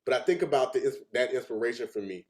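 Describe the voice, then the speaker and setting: A man's voice: mid-range voice, animated, fast talker. A young adult man giving a heartfelt personal presentation, earnest and fighting back tears at times. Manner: earnest, chokes up with emotion.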